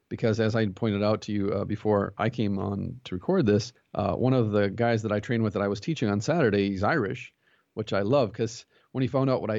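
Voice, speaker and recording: A low-voiced man talks quickly and earnestly as a guest on a podcast, a pastor who teaches jiu-jitsu. He tells his stories with lively quoted dialogue. The sound is dry and a little muffled. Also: no room sound. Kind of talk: conversational interview.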